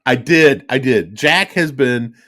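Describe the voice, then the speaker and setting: A man's voice: mid-range voice, slow. A middle-aged man hosting a podcast, telling stories in casual, profane chat with frequent laughs. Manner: profane, animated storytelling with laughs. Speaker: podcast host.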